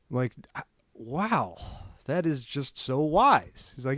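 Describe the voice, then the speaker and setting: An animated man, a podcast co-host, tells a story during casual chat, acting out quotes loudly. His voice is a little high and he speaks at normal speed. The studio-quality recording has no room sound.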